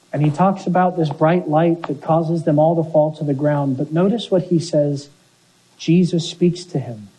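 A man preaching a sermon with earnest conviction, asking his listeners question after question. His voice sits a little high for a man, with a mellow, husky tone. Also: poor audio. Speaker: pastor.

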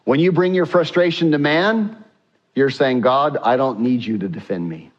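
A man's voice: mid-range voice, moderate pace, lo-fi sound. A man preaching a sermon, asking the congregation rhetorical questions and acting out scripture quotes with a rising voice. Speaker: pastor.

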